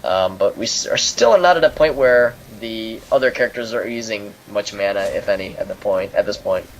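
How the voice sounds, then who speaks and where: A man commentating on his own video game playthrough, explaining mechanics in a steady, mildly dry way. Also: lowish voice, moderate pace, rough recording. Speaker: gameplay commentator. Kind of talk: let's play commentary.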